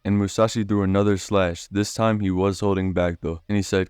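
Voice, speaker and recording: A man's voice: sits low, little pitch movement, brisk, hardly any pauses, darkish tone, clear, resonant tone, no room sound, studio quality. A man recapping an anime fight in a casual, profane, joking way, as the host of his own channel. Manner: crude, joking, profane storytelling. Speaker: anime commentary YouTuber.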